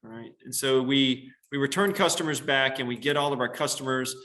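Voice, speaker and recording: A man teaches a computer science class, talking through a live coding demo. His voice is bright and sits at an average pitch. He explains step by step, with many fillers and quick checks with the students. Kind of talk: classroom lesson on screen.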